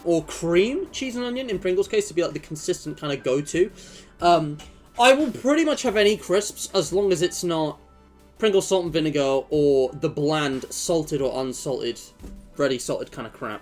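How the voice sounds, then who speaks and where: A young man streaming, chatting casually and rambling with jokes and fillers. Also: sits high. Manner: rambling and joking, many fillers. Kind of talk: casual chat.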